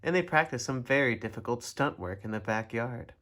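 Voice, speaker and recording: A man reading a children's storybook aloud in an expressive, animated way. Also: mid-range voice, fairly quick. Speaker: storybook reader.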